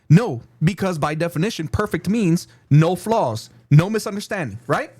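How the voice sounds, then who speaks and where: A man hosting a debate show, talking in a casual, animated, trash-talking way. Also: high voice, moderate pace, few pauses, slightly rough.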